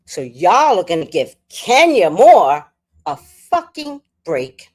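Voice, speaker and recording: Lively slow-talking woman livestream host. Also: on the low side. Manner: profane, laughs often, reads viewer comments aloud. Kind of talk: casual late-night livestream chat.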